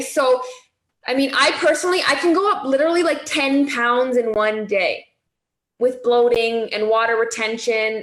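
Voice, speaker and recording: A high-pitched woman coaches a group through weight loss in an easy, chatty way. She keeps asking "okay?" and "right?" to check that everyone follows. Her voice rings in an echoey room.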